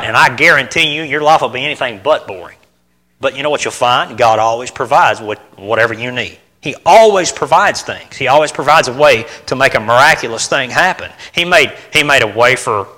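In a church, a man delivers an animated sermon, throwing rhetorical questions at the congregation. His voice is mid-range.

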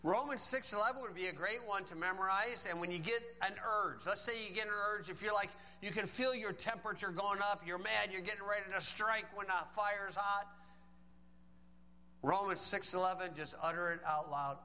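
A man's voice: sits high, moderate pace, pushed and bright. Folksy preacher man in an echoing hall. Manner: folksy, joking asides between scripture quotes. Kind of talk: sermon.

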